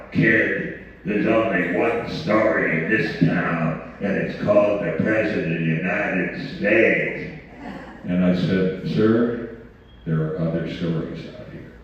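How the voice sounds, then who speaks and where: A man's voice: fairly low pitch, mellow. An older man giving a folksy, digressive talk about his career in journalism to a community audience. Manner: folksy storytelling, digressive asides. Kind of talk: conversational lecture with anecdotes. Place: community meeting room. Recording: distant roomy mic in a reverberant hall, muffled.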